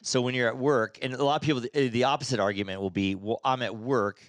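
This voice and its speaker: A man's voice: medium pitch, fast talker, no echo. A man with a nasal voice, co-hosting a podcast in a rambling, jokey, casual way. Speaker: podcast co-host. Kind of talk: casual chat.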